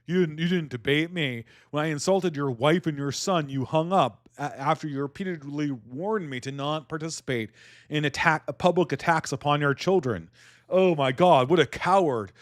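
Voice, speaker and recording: A shrill, indignant male debater full of exaggerated outrage, put on by a man in mockery. The voice rides a little higher than a plain talking voice and the sound is dry and close. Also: moderate pace, no room sound, natural voice.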